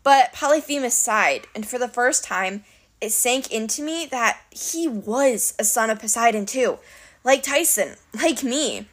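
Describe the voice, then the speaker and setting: A woman narrating an adventure story in an expressive, dramatic reading. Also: fairly high pitch, a little slow. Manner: animated, dramatic. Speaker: audiobook narrator.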